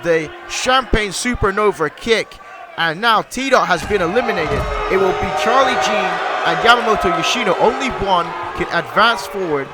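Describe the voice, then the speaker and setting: Man, high voice, excited wrestling play-by-play, shouting over loud game crowd and music. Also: moderate pace. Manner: energetic, shouting at big moves, addresses folks. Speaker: play-by-play commentator. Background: video game wrestling crowd and music.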